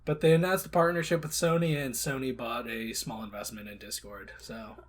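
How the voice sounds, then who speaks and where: A man co-hosting a casual podcast chat, joking and swinging between loud and soft. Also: mid-range voice, steady tone, brisk. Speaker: podcast co-host.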